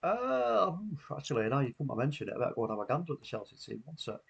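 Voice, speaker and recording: A man's voice: mid-range voice, very animated, racing, gravelly, slightly rough, muffled recording. A man hosting a live football watchalong, chatting casually, laughing often and reading out viewer comments. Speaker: watchalong host. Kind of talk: casual live stream chat.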